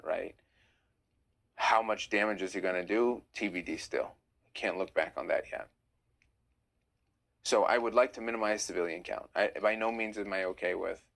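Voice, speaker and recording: Gravelly man hosting a casual livestream. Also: fairly low pitch, fairly bright tone, rough recording. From Iranian-American. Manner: reads viewer questions aloud and answers them. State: tired. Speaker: livestream host answering viewer comments. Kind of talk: casual live chat. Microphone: phone livestream.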